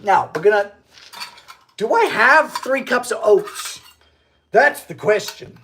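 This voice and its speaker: A man hosts a casual baking livestream from his home kitchen, chatting playfully, reading viewer comments, and breaking into goofy laughter. His voice is high, sing-song, and slow with a fairly bright tone, over a little hiss or hum.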